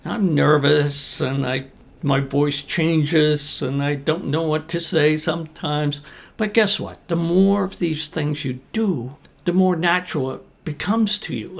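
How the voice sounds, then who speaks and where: A man teaching business English, talking to camera in an encouraging, conversational way with deliberate pauses. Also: on the high side, gravelly. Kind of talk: talking-to-camera coaching talk.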